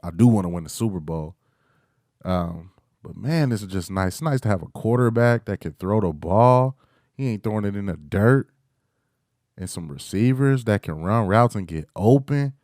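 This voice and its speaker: Host, young man, lowish voice, dry close sound, excitable and teasing, casual sports rant. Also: normal speed, no echo. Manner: hyped, playful trash talk with chants. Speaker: podcast host. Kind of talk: casual solo sports talk.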